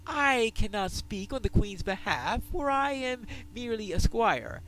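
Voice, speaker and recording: A man's voice: sits high, expressive, a little slow, fairly bright tone, pitched above the performer's own voice, poor audio. A man doing an earnest courtly squire. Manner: formal, old-fashioned courtly speech. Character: earnest young male squire, formal.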